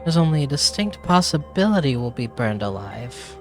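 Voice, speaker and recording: A fretful village mayor woman who rambles politely and keeps insisting all is well, as a man puts her on. The delivery is a little louder and higher than plain talk, with faint game music in the background. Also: very animated, normal speed. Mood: flustered.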